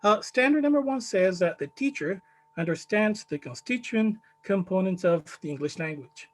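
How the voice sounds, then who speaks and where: A man with a Chilean Spanish accent presenting his study in a conference talk, measured and full of fillers. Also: sits high, low-quality recording. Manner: measured, many fillers, stresses key words.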